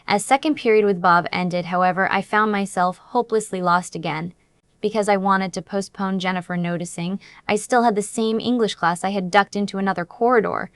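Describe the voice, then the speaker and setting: A woman reads a first-person romance story aloud, earnest and dramatic in her telling. Her voice sits at a middle pitch, and the recording is close and dry. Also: steady tone, a little fast, no room sound. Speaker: audiobook narrator.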